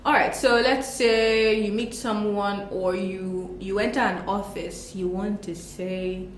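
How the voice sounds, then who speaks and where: A woman's voice: medium pitch, steady tone, slow, reverberant, slight background noise. A woman co-hosting a casual French lesson, chatty and playful, laughing as she explains. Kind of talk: casual bilingual lesson chat.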